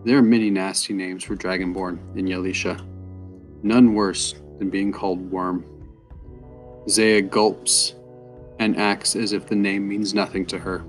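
A man with a fairly low voice narrating a fantasy tale at a measured pace. Soft guitar plays quietly behind him. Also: level tone. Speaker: storyteller. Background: soft guitar music.

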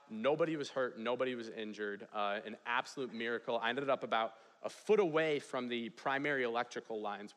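A young man preaches with lively storytelling energy, his voice bright and forward. He keeps checking in with the listeners as he tells his story. The sound carries a long reverb from a large chapel hall. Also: mid-range voice. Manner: energetic, animated storytelling with frequent "right?". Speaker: chapel speaker, residence hall director. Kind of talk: storytelling sermon.

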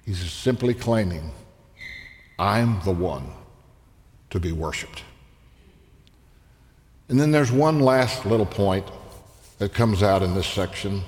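A male pastor delivers a sermon at an unhurried, measured pace, letting his voice climb whenever he quotes scripture. His voice carries a long reverb, as if recorded in a large hall. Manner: slow, deliberate preaching that rises in pitch on quoted scripture.

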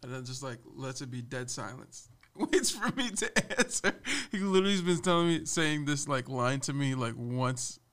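A man's voice: mid-range voice, moderate pace, few pauses. A young man, a podcast guest, chatting casually and animatedly, laughing often and mimicking others. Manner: animated storyteller, laughs often, mimics his boss loudly. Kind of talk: casual chat.

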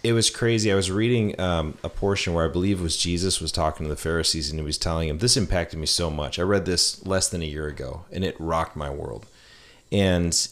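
A man hosting a casual podcast conversation, speaking in a reflective, measured way. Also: low-pitched. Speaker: podcast host.

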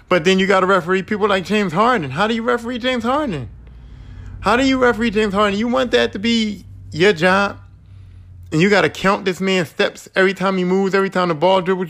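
A man's voice: sits high, a bit bright. A man hosting a solo podcast, ranting in a casual way, firing off rhetorical questions and swearing freely. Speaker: podcast host. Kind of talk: solo opinion podcast monologue.

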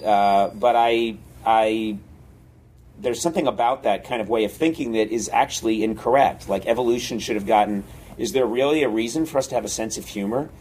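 A man's voice: lowish voice, fairly quick, slight background noise. A man being interviewed as a guest comedian, telling stories animatedly and acting out scenes. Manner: animated, acts out scenes with sudden yelps. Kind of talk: casual interview storytelling.

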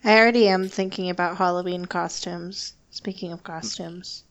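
A woman's voice: lowish voice, fairly even intonation, moderate pace. A woman in casual chat with friends, easygoing and laughing along.

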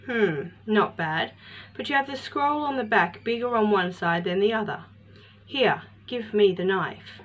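A woman narrator voicing a harsh, lonely old male woodcarver with a gruff manner that turns to roaring when angry. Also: medium pitch, expressive, unhurried, a bit bright. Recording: slightly muffled with faint hiss.

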